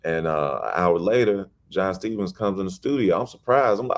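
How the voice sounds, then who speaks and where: A man from Chicago talks through a casual interview with a very low voice. He tells stories animatedly, slipping into the voices of the people he quotes. He sounds middle-aged. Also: moderate pace, few pauses. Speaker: poet and guest.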